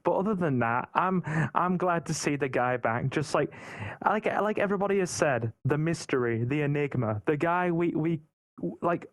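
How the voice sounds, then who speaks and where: A man's voice: on the high side, expressive, normal speed, dry recording. A British man talking casually in a podcast roundtable, rambling and often repeating words as he thinks. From Britain.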